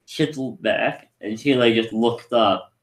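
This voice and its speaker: A man's voice: mid-range voice, measured pace, a little hiss or hum. Rambling man recapping a movie, roomy sound. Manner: rambling, many restarts and "like", acts out quotes. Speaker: movie reviewer.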